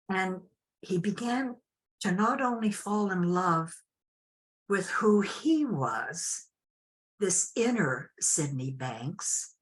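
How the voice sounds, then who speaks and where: An older woman telling a personal story as an interview guest, unhurried and reflective with frequent restarts. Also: mid-range voice.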